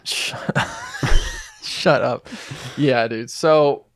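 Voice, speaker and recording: A man's voice: on the high side, wildly swooping pitch, very slow, dry recording, studio quality. A man co-hosting a podcast, recapping a movie in rambling, crude, casual chat full of fillers and restarts. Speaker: podcast co-host.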